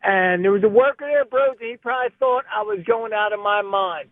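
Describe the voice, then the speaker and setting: A man's voice: high voice, a little fast, no room sound. An emotional man, calling in to a sports radio show, peppering his talk with "bro". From Philadelphia area. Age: 50s. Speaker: caller. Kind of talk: excited call-in chat. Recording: phone line.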